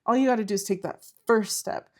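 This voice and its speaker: Woman, tarot reader, earnest and encouraging, talks straight to the viewer, fills with "like", mid-pitched voice. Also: a little fast. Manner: earnest, encouraging, repeats herself, frequent "like". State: close to tears at times. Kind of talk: spiritual tarot reading to camera.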